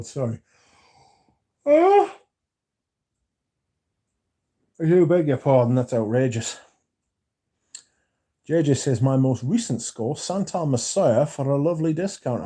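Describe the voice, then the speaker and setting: Dark-voiced man chatting casually. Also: medium pitch, slightly rough. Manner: swears often, reads viewer comments aloud. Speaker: livestream host reading chat. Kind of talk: casual livestream chat about perfume.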